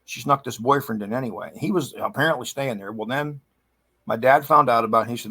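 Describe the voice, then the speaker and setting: A man's voice: mid-range voice, fast talker, sharp tone, breathy edge. A middle-aged man casually telling a true ghost story in a rambling, chatty way with frequent restarts. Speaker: guest storyteller.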